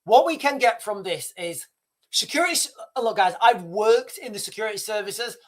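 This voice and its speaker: A man's voice: sits high, animated, normal speed. A man holds forth on his live stream in a loose, rambling way. He circles back on his words, restarts sentences and lets slip a chuckle at himself. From Britain. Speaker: livestream host. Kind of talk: casual live-stream monologue.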